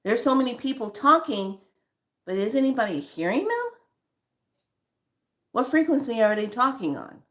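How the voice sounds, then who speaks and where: A woman's voice: fairly high pitch, big pitch swings, normal speed, long pauses, fairly bright tone. A woman giving spiritual guidance in an emphatic, conversational way, addressing her listeners directly as honey. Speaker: spiritual guide.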